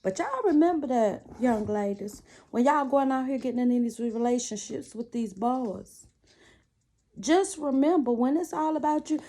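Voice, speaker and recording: Sassy woman preaching advice, mellow tone. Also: high voice, lively intonation, moderate pace, slight background noise. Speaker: vlogger. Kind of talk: casual chat to camera while lacing shoes. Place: small cluttered room at home.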